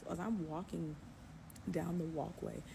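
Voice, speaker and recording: Woman spilling a story, gravelly fry all through it, noisy background behind her. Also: lowish voice, fairly even intonation, unhurried. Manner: emphatic, repeats herself for effect. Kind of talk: animated storytime.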